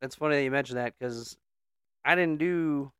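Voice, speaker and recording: A man co-hosting a podcast, telling a joke in a relaxed way and laughing often. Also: medium pitch, normal speed, smooth, no echo, clean studio sound. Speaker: podcast co-host. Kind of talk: casual chat, joke telling.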